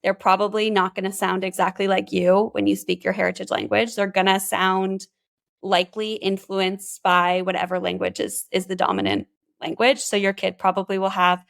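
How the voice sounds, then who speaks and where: A woman's voice: mid-range voice, flat delivery, normal speed, vocal fry. A woman from Canada, a bilingualism specialist, chatting as an interview guest with lots of "like" fillers and restarts. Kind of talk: casual interview chat.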